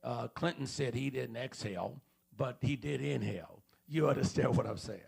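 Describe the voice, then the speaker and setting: A man's voice: medium pitch, expressive, moderate pace, creaky, a little mellow, slightly rough. A man preaching a sermon in a church auditorium, repeating questions and calling out to the congregation. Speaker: pastor.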